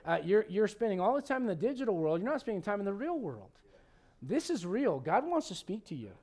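A man with a high, light voice preaches in an animated, chatty way. He jumps between scripture and everyday asides, often restarting his sentences as he goes. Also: brisk. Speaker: pastor. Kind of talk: sermon.

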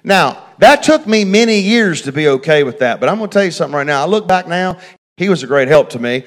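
A middle-aged preacher delivers a sermon as a story. His voice sits a little high for a man, and he swings between quiet, intimate asides and loud, fervent passages. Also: lively intonation, fast talker.

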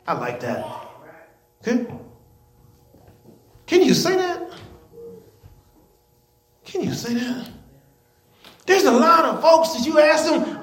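In a church sanctuary with a roomy sound, a male pastor preaches a sermon in an extremely high, sing-song voice. He takes it slowly and pauses often. His folksy, emphatic delivery draws the congregation in with call-and-response and chuckles.

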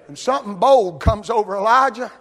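A man preaching a sermon, telling Bible stories in a folksy way and rising to loud, shouted peaks. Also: high voice, lively intonation, a little fast. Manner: builds from quiet storytelling to loud shouting.

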